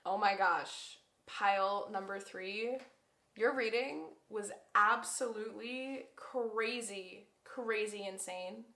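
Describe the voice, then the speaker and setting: This tarot reader is a woman with a medium-pitched, sharp-toned voice who speaks slowly. She offers viewers a casual card reading from an echoey room, effusive and sincere, stressing heavily the lines she wants to land.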